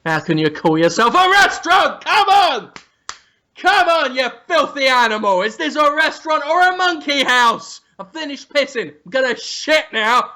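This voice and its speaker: A man's voice: high-pitched, a little slow. A man doing a furious ranting celebrity chef. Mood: outraged. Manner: yelling, crude, outraged.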